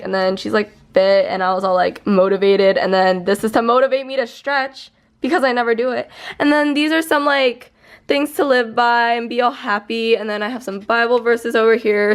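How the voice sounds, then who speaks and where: A young woman chatting her way around her bedroom on camera. Her talk is rambling and casual, full of "like" and little asides. This is a relaxed home vlog. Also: mid-range voice, normal speed, clear, resonant tone. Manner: chatty, rambling, heavy use of "like". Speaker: vlogger. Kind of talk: casual room tour vlog. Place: bedroom, indoors.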